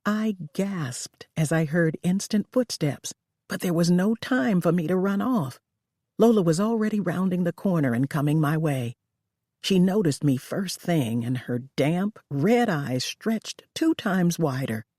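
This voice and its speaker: An audiobook narrator reading a first-person thriller in a measured storytelling way. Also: mid-range voice, lively intonation, a little mellow, dry recording. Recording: dry close recording.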